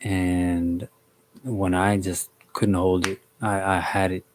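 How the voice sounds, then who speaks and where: Chatting on a live stream, a young man from the DMV area spins a long story in a slow, relaxed, slangy way, his low voice staying fairly flat. Now and then he breaks off to greet viewers by name, and a little hiss or hum is audible.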